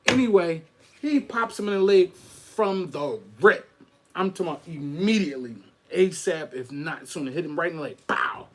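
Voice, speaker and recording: A middle-aged man, hosting a podcast and telling a story in animated street slang. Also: a little high, normal speed, slight background noise. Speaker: podcast host. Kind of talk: casual storytelling.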